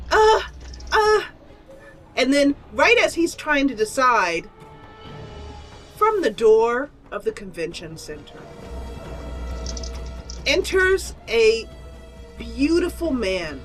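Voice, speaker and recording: A woman's voice: on the high side, a bit bright. A woman narrating as game master of an online tabletop role-playing game, telling the story in a playful, giggly way with flowery descriptions. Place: online voice call.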